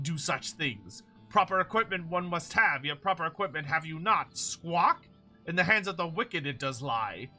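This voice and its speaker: A man's voice: fairly high pitch, bright, forceful tone, heavily acted. A man voicing a squawking bird-like creature who gives quests with inverted word order, reading game text aloud in character.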